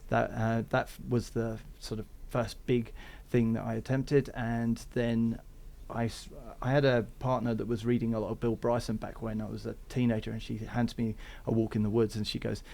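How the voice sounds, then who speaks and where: Gravelly English man with Aussie twang. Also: mid-range voice, flat delivery, normal speed, few pauses, a little mellow. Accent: English with some Australian. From England. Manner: rambling, easygoing storytelling. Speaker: guest, thru-hiker. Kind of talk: casual interview chat.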